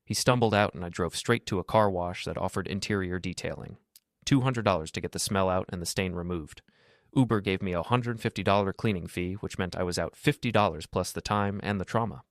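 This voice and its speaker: A man with a very low voice narrates a scripted first-person story in a steady, matter-of-fact, brisk delivery. The recording is dry and close, with no room sound.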